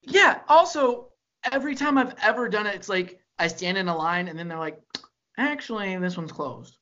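A man's voice: sits high, muffled recording, a little hiss or hum. A man co-hosting a casual comedy podcast, telling profane stories and acting out the people in them. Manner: animated storyteller, acts out people in quick voices, profane.

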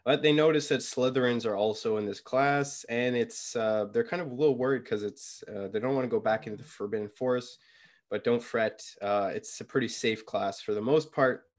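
A young man loosely retells a chapter for a podcast, tossing in fillers and little quoted asides as he goes. His voice sits at an everyday middle pitch for a man. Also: fairly quick. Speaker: podcast co-host. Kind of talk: casual chapter recap.

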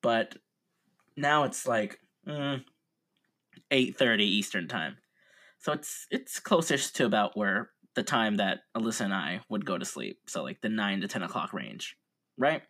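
A man co-hosting a casual podcast chat, relaxed and musing, laughing easily. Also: on the low side, unhurried. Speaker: podcast co-host.

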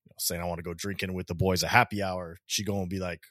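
A man's voice: sits low, steady tone, very fast, hardly any pauses, a bit bright, no room sound, clean studio sound. A man in his thirties co-hosting a casual podcast chat in a laid-back way. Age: 30s. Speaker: podcast co-host.

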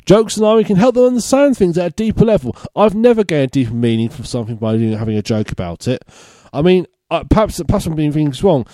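A man's voice: fairly high pitch, very animated, fast talker, hardly any pauses, dark tone, no echo. A man hosting a casual comedy podcast, reading out odd news stories and adding laughing asides. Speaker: podcast host.

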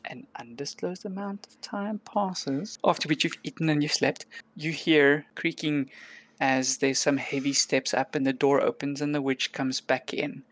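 A woman runs a tabletop role-play game and narrates the scene in a chatty, descriptive way, often pausing on fillers. Her voice is low and is recorded dry and close. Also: steady tone, no room sound. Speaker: game master.

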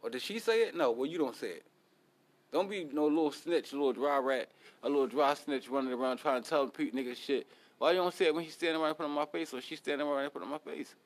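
A man's voice: fairly high pitch, steady tone, fast talker. A young man hosting a podcast, talking casually in a blunt, profane, motivational way. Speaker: podcast host.

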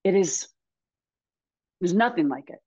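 Lively storytelling woman, low voice. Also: unhurried, husky. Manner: animated storyteller, laughs often, acts out quotes. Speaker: guest, movement coach. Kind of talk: casual interview chat.

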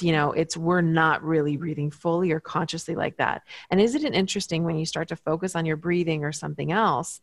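A woman with a lowish voice talks through coping techniques like a therapist. She explains calmly and patiently, with plenty of fillers and restarts. The recording is dry and close. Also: no echo. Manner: calm, explanatory, with frequent fillers. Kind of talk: casual conversational advice.

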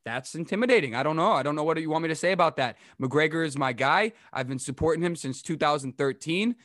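A young adult man hosting a casual sports update to camera, rambling and chatty with quick asides. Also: fairly high pitch, a bit bright, no echo, clean studio sound. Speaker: podcast host giving a sports update.

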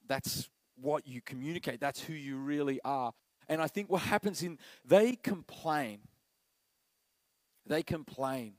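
A middle-aged man, preaching a sermon as pastor, animated and acting out quoted voices. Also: mid-range voice, measured pace, no echo, rough recording.

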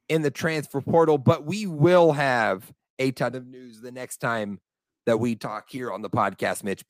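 A young American man co-hosting a casual sports podcast, talking with animated enthusiasm and laughing easily. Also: medium pitch, no room sound. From United States. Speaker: podcast co-host.

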